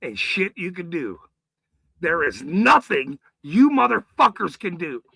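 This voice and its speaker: A man hosting his own channel, delivering an angry, profane, boastful rant straight to camera with frequent shouting. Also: sits high, very animated, unhurried, vocal fry, dry recording, rough recording. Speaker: channel host.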